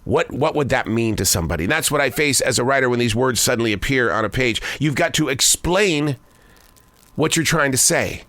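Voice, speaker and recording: An older man, a broadcaster and daily writer, hosting a reflective spoken essay with wandering pitch, quick bursts and slow emphatic phrases. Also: lively intonation, a bit bright.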